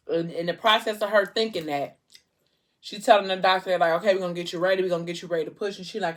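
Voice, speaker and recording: A woman, telling a book's plot in a chatty, expressive way and acting out the dialogue. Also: on the low side, fast talker. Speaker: vlogger. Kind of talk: casual storytelling while eating.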